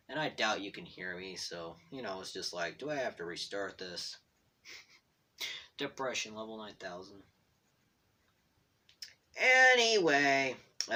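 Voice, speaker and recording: A man's voice: low voice, pushed and bright. A man telling a meandering story from his bedroom while drawing, self-deprecating and tripping over his words. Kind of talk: rambling casual storytelling. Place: bedroom at home.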